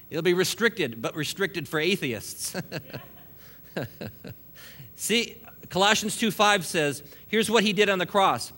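Bright-voiced joking male preacher. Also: sits high, animated, very slow, pauses often, husky. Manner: jokey, laughing, preaching with rising emphasis. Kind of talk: sermon.

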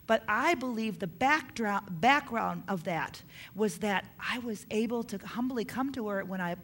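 Woman preacher, middle-aged, earnest, sermon delivery, repeats points, mid-pitched voice. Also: animated, a little slow, fairly bright tone. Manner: earnest, repeats key lines for emphasis. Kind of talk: sermon on parenting.

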